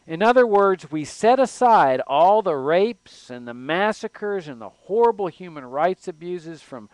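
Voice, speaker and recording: Brief: male host, political monologue, fairly high voice, dry close sound, emphatic with restarts. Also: clean tone, dry recording. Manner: emphatic, repeats words and restarts, rhetorical questions. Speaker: show host.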